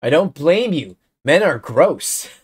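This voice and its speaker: Host, mid-pitch, unhurried delivery; reads messages aloud and cuts in with sarcastic, exasperated asides. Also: very animated, husky. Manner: exasperated, sarcastic remarks between readings. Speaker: channel host reacting to messages. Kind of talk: casual commentary reading messages aloud.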